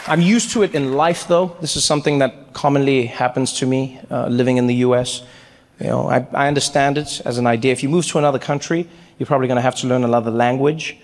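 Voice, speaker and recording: A middle-aged man with a South African accent doing animated, self-mocking stand-up storytelling. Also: mid-range voice, fast talker, in a large hall, some chatter behind. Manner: animated, self-mocking, rising to near shouts. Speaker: stand-up comedian.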